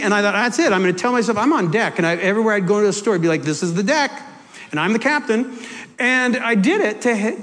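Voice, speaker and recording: A male pastor telling a personal story in an animated, emotional sermon, ending in prayer. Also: sits high, big-room sound. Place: church sanctuary.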